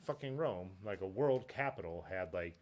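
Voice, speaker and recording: A man hosting a live stream in casual chat, excitable and jumping between topics, laughing often. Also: sits low, moderate pace. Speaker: livestream host.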